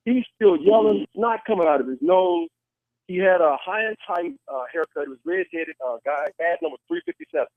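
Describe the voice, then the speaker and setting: A man's voice: high voice, lively intonation, fairly quick, dry recording. A man on a call-in show telling a personal story in an earnest way, with restarts and acted quotes. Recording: tinny phone line, dry.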